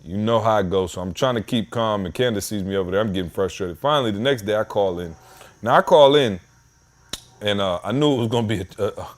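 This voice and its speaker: Animated low-voiced man telling a story. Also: fast. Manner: animated, slangy, rises in pitch when worked up. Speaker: podcast host. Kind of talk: casual podcast storytelling. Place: home basement.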